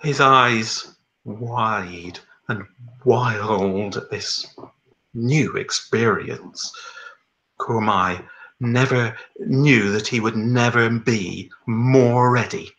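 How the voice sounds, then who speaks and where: A man telling a folktale in a measured, deliberate manner. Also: mid-range voice, a bit bright, muffled recording. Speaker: storyteller. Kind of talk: oral storytelling.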